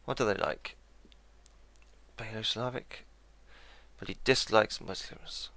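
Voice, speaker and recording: A man's voice: lowish voice, takes it slowly, gravelly, long pauses, sharp tone, no room sound. A man musing aloud while playing a strategy game, correcting himself and adding dry asides. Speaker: let's play gamer. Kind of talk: casual game commentary.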